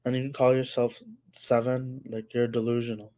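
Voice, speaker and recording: A man's voice: medium pitch, level tone, moderate pace, a little mellow. A man hosting a casual livestream, talking to his chat with lots of fillers and scolding trolls. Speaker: livestream host.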